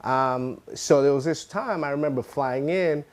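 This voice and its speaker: A man doing stand-up comedy, telling a long personal story in a loose, halting way with many restarts. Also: on the high side. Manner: rambling, halting delivery with frequent restarts.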